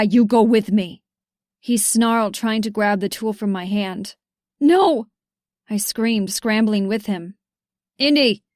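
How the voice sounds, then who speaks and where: A woman's voice: mid-range voice, darkish tone, no room sound, clean studio sound. Tense woman narrating a romance audiobook. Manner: tense, urgent storytelling.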